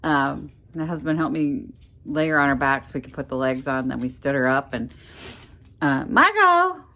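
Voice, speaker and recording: Low-voiced woman chatting through a furniture project. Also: flat delivery, brisk, fairly bright tone. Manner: chatty, talks to camera while working, mutters when frustrated. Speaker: furniture flipper vlogger. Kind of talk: casual workshop vlog. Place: home workroom indoors.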